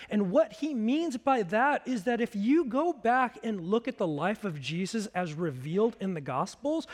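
A man preaching a sermon as pastor, slow and emphatic, dropping to a hush at times. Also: high voice, big-room sound.

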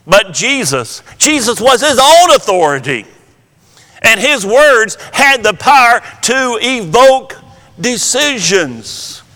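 A man delivers a slow, deliberate sermon of Bible teaching, repeating key words for emphasis. His high voice is bright and forceful, and a long reverb trails it through the hall.

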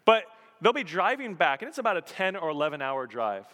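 A pastor preaches a sermon in a high-pitched, sing-song, brisk voice, impassioned as he swings from loud, emphatic appeals to soft, hushed storytelling. The sound carries the long reverb of a large hall.

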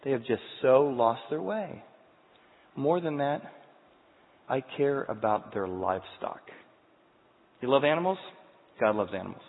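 Animated male preacher in a hall. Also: medium pitch, a little slow, long pauses. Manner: animated storytelling, shifts from loud to quiet. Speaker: pastor. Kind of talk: sermon. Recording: tinny sound, long hall reverb.

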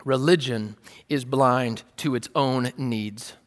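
A male pastor preaches a sermon in a playful, conversational style, acting out the scenes he describes. He speaks slowly in a mid-range voice, and the long reverb of a large hall surrounds him.

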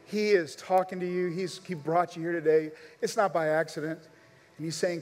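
A man's voice: sits high, normal speed, a little mellow, faint music behind. Earnest male pastor in a reverberant church. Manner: earnest, urgent direct appeals to the listeners. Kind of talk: sermon. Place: church sanctuary, live service. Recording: long reverb of a large church hall.

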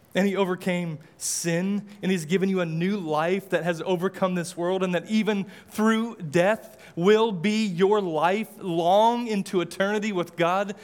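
A male pastor preaching a sermon, impassioned, with repeated rhetorical questions and casual asides. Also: high-pitched.

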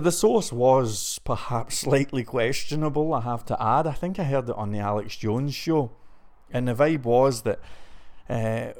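Speaking in a mid-range voice with a darkish tone and a non-American English accent, a man vlogs about web development in a casual to-camera style. Breathless from pacing around an indoor room, he rambles chattily and talks straight to his viewers.

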